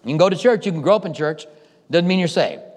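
A man's voice: fairly high pitch, expressive, fast talker, darkish tone. A man preaching a sermon as a pastor, telling stories in a conversational way and acting out what people said. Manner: conversational storytelling with acted-out quotes. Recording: hall reverb.

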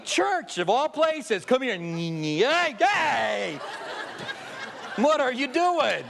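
Against slight background noise, a male pastor with an extremely high-pitched voice preaches a sermon. He tells humorous stories full of jokes and acts out quotes with lively energy.

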